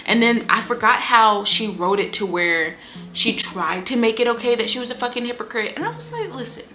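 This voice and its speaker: A woman giving a casual book review on her vlog, talking in an animated, candid way, swearing freely and acting out lines from the story. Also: on the high side, a little fast, faint music behind. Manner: animated, candid and profane, acts out quotes.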